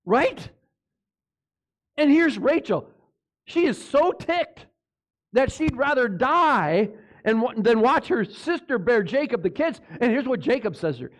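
A man's voice: very high voice, very animated, a little slow, pauses often. A pastor preaching a sermon to his congregation, throwing out rhetorical questions, stumbling over names and correcting himself as he goes.

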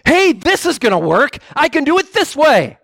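A preacher acting out a panicked young fugitive warrior who pleads and repeats himself in a frantic rush. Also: male voice, extremely high pitch, big pitch swings, moderate pace, vocal fry, a bit bright, dry recording, pitched above the performer's own voice, full character voice. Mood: scheming.

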